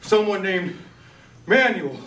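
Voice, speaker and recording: A man's voice: sits high, animated, slow, fairly bright tone, heavily acted. A man playing a folksy frontier townsman bringing urgent news on a theater stage. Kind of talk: stage play acting. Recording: roomy stage sound from far off.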